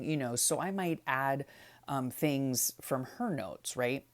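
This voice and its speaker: A woman's voice: a bass voice, measured pace. A middle-aged woman casually walking through her Bible study process, chatty with many fillers and tag questions. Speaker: vlogger.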